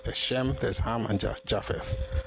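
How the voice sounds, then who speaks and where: A man's voice: on the low side, steady tone, a little slow, vocal fry. A man hosting a live stream, thinking aloud and restarting his sentences, slipping into Yoruba phrases. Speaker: host of a live history stream. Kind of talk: casual live-stream talk.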